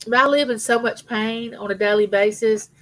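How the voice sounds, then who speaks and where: A woman's voice: on the high side, normal speed, poor audio. A middle-aged woman hosting a casual live chat with her viewers, telling rambling personal stories. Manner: chatty, rambling storyteller, greets viewers by name. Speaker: livestream host.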